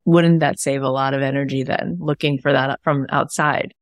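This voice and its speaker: Hosting a casual interview podcast, a woman in her thirties speaks in a bass voice with a steady tone at normal speed, with no echo. Chatty and enthusiastic, she keeps dropping "you know" and "like."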